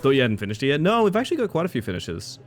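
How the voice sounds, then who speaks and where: A man's voice: medium pitch, wildly swooping pitch, rapid-fire, slight background noise. A man live-streaming a racing game, chatting casually and riffing playfully on his viewers' comments. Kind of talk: casual live-stream chat while playing.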